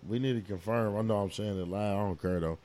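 Man, podcast co-host, brash and hyped, swears freely, mellow low voice. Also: fast talker, a little hiss or hum. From Kentucky, US. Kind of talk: casual podcast chat.

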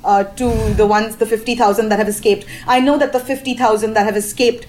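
A woman's voice: fairly high pitch, steady tone, fairly quick, a little mellow, a little hiss or hum. A woman from India who jokes in a comedy news chat, laughing often and speaking in a mock-earnest way. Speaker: comedian guest.

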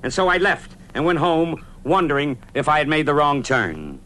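A middle-aged man telling his own story as scripted radio narration, with a brisk, punchy newsman's delivery. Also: on the high side, very animated, over loud music.

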